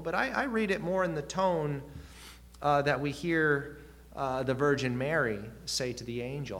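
A man's voice: on the high side, moderate pace, a bit bright. A man preaching a sermon, earnest, with rising and falling emphasis and questions put to the listeners.

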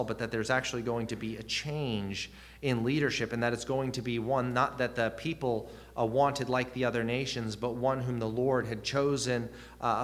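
A man preaching a sermon, earnest, with rising and falling emphasis and questions put to the listeners. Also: medium pitch.

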